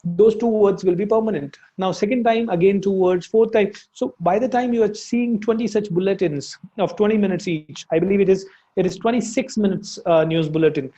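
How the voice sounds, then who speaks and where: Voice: medium pitch, fairly quick, warm tone. Hesitant Indian-accented English teacher, dull sound. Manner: hesitant, many fillers and restarts. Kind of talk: casual spoken lesson, mixing in Hindi.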